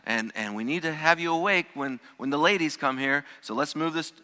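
A man's voice: on the high side, brisk, bright, forceful tone. A man voicing an angel who urgently coaxes someone awake, in a reverberant hall. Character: male angel gently waking a sleeper.

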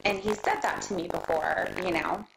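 This guest is a middle-aged businesswoman with a fairly low, creaky voice, speaking at a normal pace. She talks in a chatty, emotional way with frequent restarts during a casual interview, captured in a roomy space with noise behind her.

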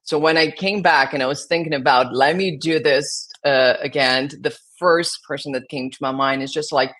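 A man's voice: fairly high pitch, fairly even intonation, moderate pace, pushed and bright. A young adult man with a Brazilian Portuguese accent, a singer and actor answering interview questions and often restarting as he looks for words. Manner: searching for words, many restarts.

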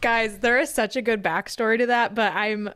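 A woman's voice: fairly high pitch, steady tone, normal speed, fairly bright tone. A woman with a Chicago accent, chatting on a podcast over a call and telling a story against herself. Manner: chatty, self-mocking storyteller. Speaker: podcast co-host. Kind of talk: casual chat. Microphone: remote call.

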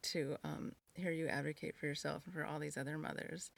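A woman's voice: low voice, fairly even intonation, fairly quick, creaky. A woman hosting a podcast who asks her guest questions in an effusive, scattered, casual way. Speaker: podcast host. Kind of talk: casual interview chat.

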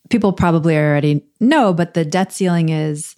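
A woman's voice: lowish voice, lively intonation, moderate pace, hardly any pauses, darkish tone. A woman with a New York accent, co-hosting a finance podcast in a plainspoken, dryly joking way. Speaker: podcast co-host. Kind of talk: casual podcast chat.

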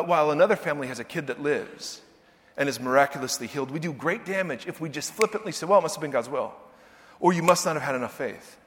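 A man with a high voice preaches a sermon to his congregation. He talks in an animated way, sinking to quiet asides and climbing to loud, emphatic peaks. His voice carries a long reverb from a big hall. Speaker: pastor.

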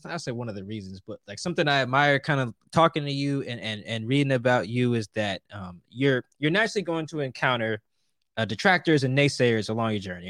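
A man hosting a podcast in a relaxed, slangy way, asking a guest questions. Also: medium pitch, no echo. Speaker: podcast host. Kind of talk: casual interview chat.

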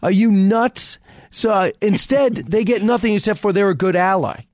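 A man who is a radio host, speaking as a guest in a fast, emphatic political talk conversation full of restarts. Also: high voice, no echo, studio quality. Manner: rapid, emphatic, frequent restarts.

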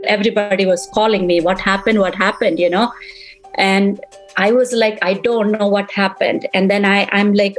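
A middle-aged woman, a mother, giving an earnest, halting personal account in an interview, acting out what others said. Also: medium pitch, flat delivery, faint music behind, low-quality recording. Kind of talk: emotional personal recollection.

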